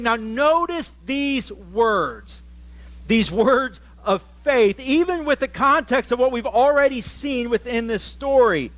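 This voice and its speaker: A man's voice: extremely high pitch, animated, slow, fairly bright tone. A male pastor preaching a sermon, telling a story with animation and questions for the congregation.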